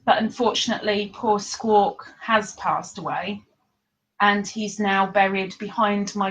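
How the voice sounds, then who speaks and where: A woman's voice: medium pitch, a bit bright, rough recording. A woman hosting a casual live stream from her living room, chatting, reading viewer comments aloud and laughing often.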